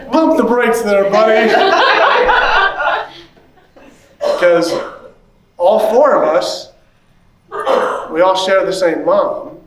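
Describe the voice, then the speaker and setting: A man in his fifties, a pastor telling a personal story at a conference. He talks in an animated way and acts out the voices of the people he quotes. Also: a little high. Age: 50s. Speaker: pastor and church consultant. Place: large conference hall. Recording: echoey hall, voice from a distance.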